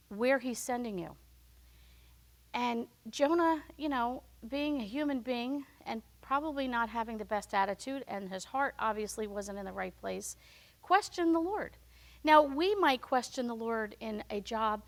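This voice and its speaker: A woman's voice: a little high, moderate pace. A woman hosting a devotional podcast, teaching in a conversational storytelling way and acting out the people in the story.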